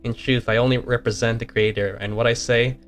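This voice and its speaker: A man's voice: medium pitch, level tone, fairly quick, a bit bright, faint music behind, lightly acted. A man reading as a cryptic game creator figure. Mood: calm, cryptic. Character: game's male creator stand-in speaking to player.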